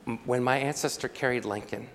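A man's voice: mid-range voice, steady tone, brisk, long reverb tail, a little hiss or hum. A man preaching a sermon to an auditorium, telling a story with dramatic flair and calling out for amens. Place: large auditorium.

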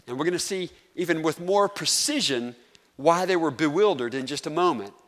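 A pastor with a Southern North Carolina accent gives a sermon in an easygoing, conversational style, frequently tossing questions to the pews. Slightly higher than most men's and a bit bright, his voice carries lively intonation at a moderate pace, ringing with long reverb through the sanctuary.

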